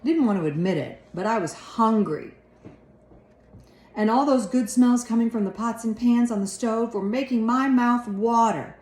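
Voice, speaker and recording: A woman reading a children's storybook aloud with expressive narration. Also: on the high side, normal speed. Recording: echoey room.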